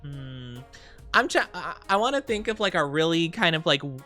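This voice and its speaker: A man's voice: a little high, sing-song, moderate pace, bright, forceful tone, faint music behind. A young man streaming, chatting casually in a bubbly, rambling way, reading chat aloud and giggling often.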